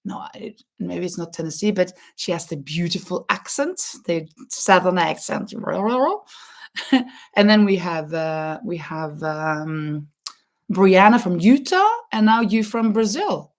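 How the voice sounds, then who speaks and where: A woman from Norway with a Norwegian accent, hosting a casual live crochet chat in a halting way, with many fillers and restarts. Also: on the low side, animated. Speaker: crochet channel host.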